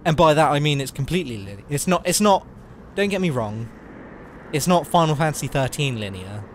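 A man's voice: on the high side, big pitch swings, fairly quick, slight background noise. A young man talking casually and swearing while playing a game, joking and rambling. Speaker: let's play host. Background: game music.

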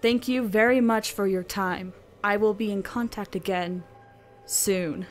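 A woman reading messages aloud as an eerie, mysterious entity in a slow, hushed, drawn-out spooky voice. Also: mid-range voice, steady tone, close to an everyday voice. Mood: ominous. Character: eerie mysterious online entity, calm and ominous.

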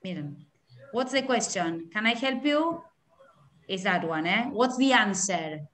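A woman's voice: mid-range voice, expressive, a little slow, fairly bright tone, slight background noise. Encouraging woman teacher. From Argentina. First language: Spanish. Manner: encouraging, repeats and praises answers, mixes in Spanish. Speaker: English teacher. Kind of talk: online class instruction.

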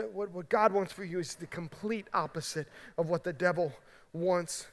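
A man's voice: sits high, moderate pace, long reverb tail. A man preaching a sermon as pastor, emphatic and conversational, often checking in with the congregation. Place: large church sanctuary.

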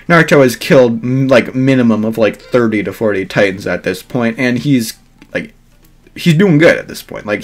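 A man casually telling a fan-made what-if story, rambling along with plenty of fillers and cursing. His voice sits at an ordinary middle pitch. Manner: rambling, filler-heavy, swears freely.

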